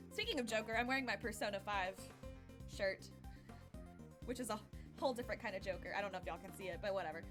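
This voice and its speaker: A woman's voice: medium pitch, animated, quick pace, music in the background. Rambling, swearing young woman streamer. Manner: rambling, swears freely, laughs often. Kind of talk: casual gameplay commentary.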